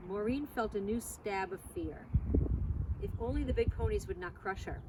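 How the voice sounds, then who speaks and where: A woman reading a children's novel aloud with expressive, animated delivery, outdoors at a barn. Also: mid-range voice. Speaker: reader. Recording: distant mic, loud outdoor noise. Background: outdoor noise and passing vehicles.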